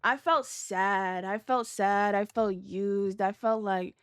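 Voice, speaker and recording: A woman's voice: slow pace, clean tone, no echo, clean studio sound. A young adult woman telling a story on a livestream in casual, slangy talk full of "like," acting out quoted lines. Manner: chatty, slangy and profane, heavy use of "like"; acts out quoted lines with big jumps in pitch and loudness. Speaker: streamer. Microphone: streaming setup.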